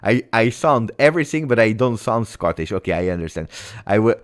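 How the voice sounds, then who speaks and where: A man's voice: on the low side, expressive, a little fast. A man hosting a fan channel, chatting casually on a livestream, rambling with fillers and self-corrections.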